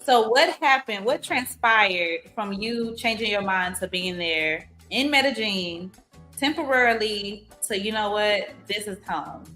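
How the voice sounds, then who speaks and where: Bright-voiced woman host. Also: medium pitch, lively intonation, soft background music. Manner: chatty, quick reactions and follow-up questions. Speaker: podcast host. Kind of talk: casual interview chat.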